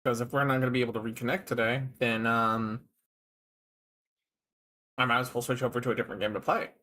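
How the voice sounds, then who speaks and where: A man's voice: medium pitch, fast. A man streaming a farming game with a friend, talking casually with frequent laughs and restarts. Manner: relaxed, laughs often, trailing restarts. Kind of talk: casual co-op gameplay chat.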